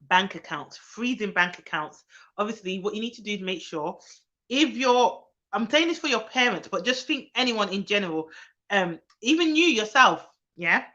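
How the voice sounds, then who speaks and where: A young woman with a bright, forward voice talks casually on her live stream, reading out comments and breaking into excited hellos. The sound is dull and lo-fi. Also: mid-range voice, moderate pace. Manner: chatty, reads viewer comments aloud, bursts into excited greetings. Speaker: nanny hosting a live stream.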